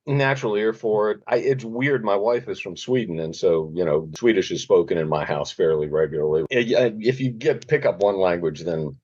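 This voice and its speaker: A man, an actor, telling relaxed self-deprecating stories from his career in a casual interview. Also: low voice, brisk, hardly any pauses, husky. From Richmond. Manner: relaxed, self-deprecating, slips into other languages. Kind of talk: casual anecdotal storytelling. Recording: dull lo-fi podcast audio.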